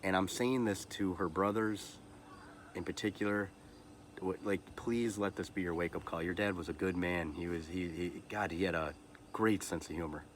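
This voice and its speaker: A man with a very low voice, speaking earnestly and with feeling as he hosts a personal podcast episode. He stumbles, repeats words and restarts his sentences. Faint noise sits under the recording. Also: fairly even intonation, moderate pace. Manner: earnest and emotional, motivational asides. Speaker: podcast host. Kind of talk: personal heartfelt monologue.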